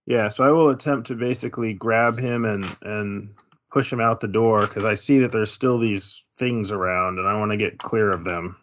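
A man's voice: on the low side, fairly even intonation, normal speed, a bit bright, a little hiss or hum. A man playing a tabletop game casually, thinking aloud with hesitant restarts. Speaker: player. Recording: dull lo-fi recording.

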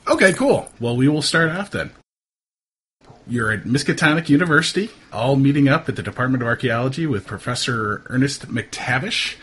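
A man narrating as game master of a tabletop horror game in a relaxed, hesitant way with many fillers. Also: medium pitch, normal speed, breathy edge.

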